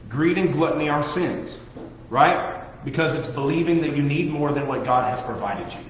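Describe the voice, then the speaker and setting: A man's voice: medium pitch, slight background noise. A young man, leading a casual Bible teaching, questioning his listeners and joking about himself. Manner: conversational, asks the audience questions, self-deprecating humor. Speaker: youth pastor. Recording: echoey hall, muffled sound.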